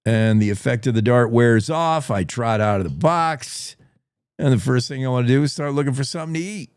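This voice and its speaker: Man, radio host, mid-pitched, jokey rambling monologue, dry close mic. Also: fairly quick, smooth, no echo. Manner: jokey, rambling, plays a wolf in first person. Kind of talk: casual talk radio monologue.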